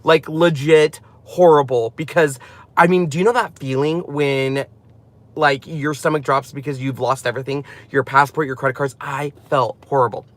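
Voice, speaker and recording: A man's voice: mid-range voice, fairly even intonation, moderate pace. A man in his thirties hosting a casual live stream about his craft channel, chatty and rambling, often laughing as he talks.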